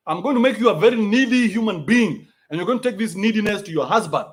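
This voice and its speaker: A man's voice: high-pitched, lively intonation, fast talker. A man with a Kenyan accent hosting a livestream, reading out donations and ranting bluntly with plenty of profanity.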